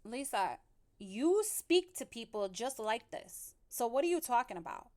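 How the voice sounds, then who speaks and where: Higher-pitched woman scolding in commentary. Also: sing-song, a little slow, a little mellow. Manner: scolding, sarcastic, addresses the clip directly. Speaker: commentary channel host. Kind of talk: reaction commentary.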